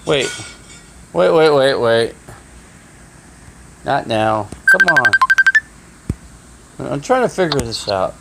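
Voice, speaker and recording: Flustered gravelly man on a phone stream. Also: mid-range voice, big pitch swings, extremely slow, pauses often, background noise. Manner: flustered, swearing, restarting sentences. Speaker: live streamer. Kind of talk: casual live stream talk.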